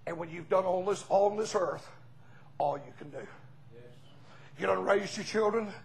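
Older southern preacher guy, real high gravelly voice, hollers and asks folks to answer back. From Southern United States. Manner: shouted rising peaks, call-and-response. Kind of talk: fiery revival sermon.

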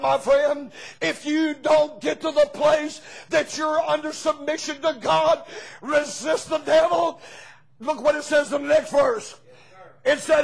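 A man preaching a fervent sermon as pastor, breaking into shouts and calling on the congregation for amens. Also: extremely high pitch, vocal fry, rough recording.

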